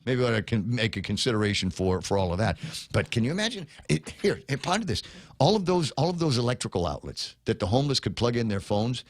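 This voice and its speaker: A man's voice: medium pitch, big pitch swings, quick pace, no echo, clean studio sound. A man hosting a morning radio talk show, rambling casually with many restarts and reading out listener comments. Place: radio studio.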